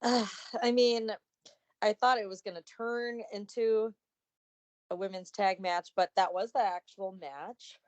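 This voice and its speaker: A woman's voice: mid-range voice, steady tone, slow pace. A woman co-hosting a casual wrestling podcast, hesitant and full of fillers. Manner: hesitant, filler-heavy, laughing asides. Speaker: podcast co-host.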